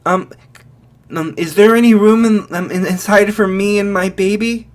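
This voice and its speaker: A man's voice: high-pitched, steady tone, normal speed, voice pushed up, lightly acted. A man voicing a worried young mother with her baby, stammering and pleading. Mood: anxious.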